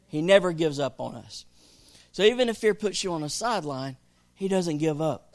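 A man preaching a sermon as pastor. He moves between rousing, emphatic exclamations and hushed, softer storytelling. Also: a little high, expressive, normal speed. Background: soft guitar music.

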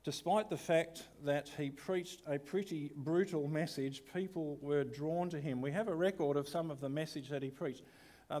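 A man's voice: fairly high pitch, darkish tone. A man, a pastor giving a sermon in a conversational way with rhetorical questions.

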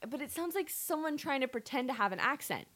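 Young female DJ, giggly storyteller, slightly high voice, dry close mic. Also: expressive, a little fast, sharp tone, no room sound. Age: young adult. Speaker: radio DJ. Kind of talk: casual chat.

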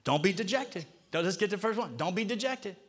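A man's voice: high voice, fairly quick. A male pastor preaching in church, coaxing the congregation to repeat scripture back to him. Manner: animated, coaxing audience to repeat lines. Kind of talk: call-and-response sermon.

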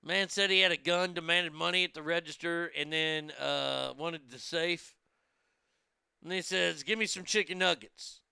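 Crude, brash man with a gravelly voice. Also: on the high side, steady tone, unhurried, bright, forceful tone, no echo, studio quality. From United States. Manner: brash, profane, mocking. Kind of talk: crude comedic news commentary.

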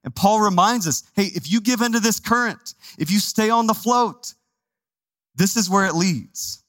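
Texan pastor with a lively, higher voice. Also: male voice, normal speed, no room sound. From Texas. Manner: conversational and animated, with asides to the congregation. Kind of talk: sermon. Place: church sanctuary.

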